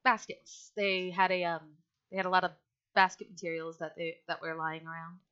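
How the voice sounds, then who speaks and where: A woman narrating a tabletop game as its game master, speaking casually and filling pauses. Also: lowish voice, level tone, fairly bright tone, smooth. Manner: casual with many fillers. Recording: dull lo-fi audio.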